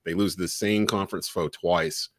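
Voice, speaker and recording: Deep-voiced man from North Carolina. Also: moderate pace, dry recording, studio quality. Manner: relaxed, fillers like "uh" and "like". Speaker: podcast co-host, local sports broadcaster. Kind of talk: casual sports talk.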